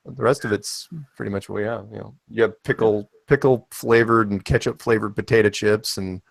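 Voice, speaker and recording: Joking low-voiced American man. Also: fairly even intonation, a little fast, creaky, no echo. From United States. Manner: rambling, joking, self-deprecating. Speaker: host of an online panel chat. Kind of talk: casual group chat.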